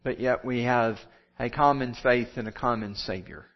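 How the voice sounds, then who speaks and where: A man's voice: medium pitch, moderate pace, dull audio. A pastor giving a sermon, building his points through repeated phrases and rising appeals.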